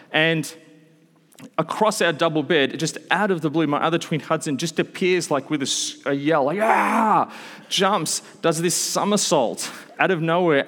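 A man in his thirties preaching a sermon to a room, with animated storytelling and quick asides. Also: a little high. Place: large hall with an audience. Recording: long hall reverb.

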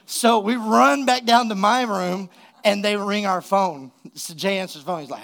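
A man, a pastor, preaching a sermon and telling a funny story in an animated way, laughing at his own jokes. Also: sits high, moderate pace, gravelly. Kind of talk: sermon with a humorous personal story.

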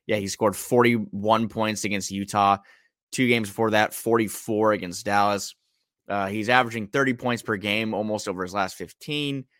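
A man with a bright, forceful tone rattles off statistics and drives his points home. His voice sits a bit low, and the sound is dry and close. He talks like a host in a casual sports chat. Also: fairly even intonation, moderate pace, dry recording. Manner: reels off stats, emphatic.

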